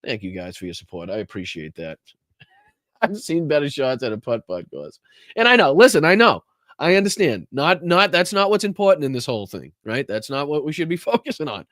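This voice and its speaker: A man's voice: on the high side, big pitch swings, fairly quick, fairly bright tone, dry recording, clean studio sound. A man with a Boston accent hosting a political podcast, reacting to a video with sarcastic, laughing, profane commentary.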